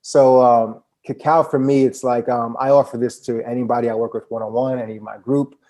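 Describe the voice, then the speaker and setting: A man's voice: mid-range voice, little pitch movement, fairly quick, dark tone. A young man telling stories as a podcast guest in a laid-back, slangy way. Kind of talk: casual conversation.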